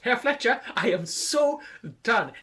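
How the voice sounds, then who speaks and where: Man doing a bright rambling adventurer, swooping lively voice, excitable, laughing. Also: extremely high pitch, takes it slowly, exaggerated voice.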